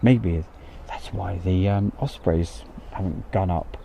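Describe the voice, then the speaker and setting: A man's voice: deep voice, takes it slowly, gravelly, mellow, slight background noise. A man hosting a casual livestream outdoors by an airfield, chatting, reading out viewer comments and laughing easily. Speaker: livestream host.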